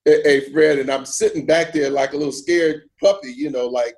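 A man telling a story with animated asides and chuckles in a casual conversation. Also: on the high side, moderate pace. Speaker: former basketball broadcaster, guest.

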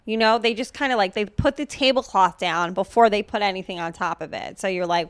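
A woman's voice: medium pitch, a little fast, few pauses, dry recording, clean studio sound. Profane, joking woman podcast co-host. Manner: blunt, profane and joking, with many fillers. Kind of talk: casual chat.

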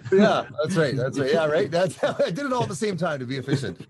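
A man in his fifties telling his story in a casual interview, animated, with many fillers and restarts. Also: a little high, fast talker, a crowd in the background. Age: 50s. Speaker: guest, ultra-endurance triathlete.

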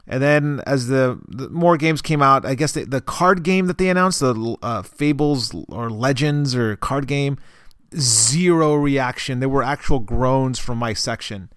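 A man co-hosting a gaming podcast, recounting an event in a rambling, halting way full of fillers and restarts. His voice is smooth and clear, recorded dry and close. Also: medium pitch, a bit bright, no echo. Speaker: podcast co-host. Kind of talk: casual chat.

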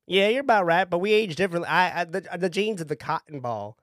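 A man's voice: lively intonation, fast, a bit bright, dry recording, studio quality. A man improvising as a teenage cotton-ball alien patient in therapy, hesitant and stammering. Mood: earnest. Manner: hesitant, stammering, squeaks when shocked. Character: teen male cotton-ball alien patient, earnest, easily flustered. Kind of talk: improvised comedy role-play.

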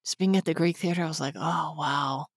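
A woman co-hosting a podcast, chatting casually and telling stories, lively when she quotes people. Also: lowish voice, very fast, dry recording, clean studio sound. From Los Angeles area. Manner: chatty storyteller, animated when quoting people. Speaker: podcast co-host. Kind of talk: casual chat.

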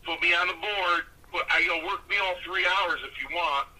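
Bright, husky older man telling stories. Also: high voice, moderate pace, rough recording. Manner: animated, acts out voices of others. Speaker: guest storyteller. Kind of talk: casual storytelling.

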